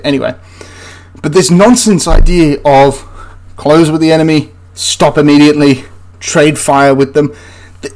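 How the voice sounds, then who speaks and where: A man's voice: on the high side, moderate pace, a little mellow. A man giving casual commentary over film clips as a history commentator, sarcastic and exasperated, laughing in disbelief.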